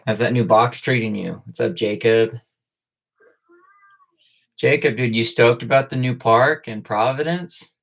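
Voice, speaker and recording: A man hosts a casual livestream at school, laid-back as he greets viewers by name and fills his talk with "like" and "uh." His medium-pitched voice is gravelly and a bit bright, with a measured pace and long pauses.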